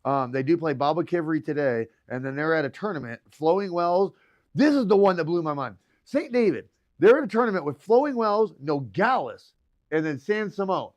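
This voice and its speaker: Excitable man hosting sports radio. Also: a little high, normal speed. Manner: excitable, hypes teams, rattles off stats. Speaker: sports show co-host. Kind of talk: casual sports talk radio.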